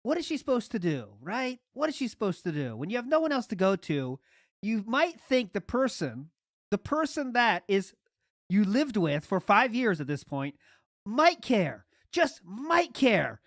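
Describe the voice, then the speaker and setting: A podcast host reacting to a clip, sarcastic and mocking, laughing often. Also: male voice, high-pitched, big pitch swings, measured pace, fairly bright tone, dry recording, clean studio sound.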